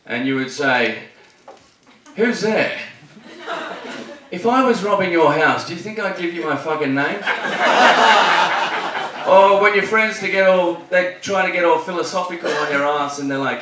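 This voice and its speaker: A man's voice: fairly high pitch, lively intonation, normal speed. Brash profane Australian stand-up man. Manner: brash and profane, punchy delivery. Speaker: stand-up comedian. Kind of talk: stand-up comedy set. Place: comedy club stage. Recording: echoey club from a distance, noisy.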